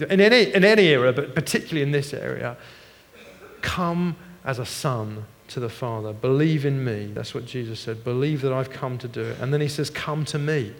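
Middle-aged man, pastor's sermon, hushed to lively, long hall echo. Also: medium pitch, normal speed. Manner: animated storytelling with laughs and shifts from hushed to loud.

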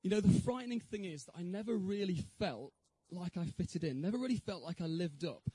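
A man speaks at an evening Christian talk, sharing his own testimony and putting questions to his listeners in an earnest tone. His voice sits high yet mellow, with a husky edge. The recording is dry and close, with no room sound. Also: animated, brisk, poor audio. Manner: earnest, rhetorical questions to the audience. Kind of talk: evangelistic talk with personal testimony.

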